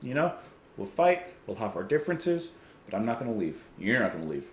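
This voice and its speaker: An enthusiastic man gives casual song commentary in a lively, up-and-down voice, chuckling as he works out his thoughts. His voice rings in a roomy space with a faint hiss behind it. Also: medium pitch, fairly quick. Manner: enthusiastic, chuckles often, thinks aloud with fillers. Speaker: music reaction host. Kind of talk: casual music reaction commentary.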